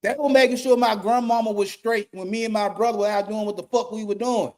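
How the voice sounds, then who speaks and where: A man's voice: sits high, fairly even intonation, fast, darkish tone. A middle-aged man, a YouTube commentator giving a blunt, profane rant and repeating his points for emphasis. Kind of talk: ranting monologue.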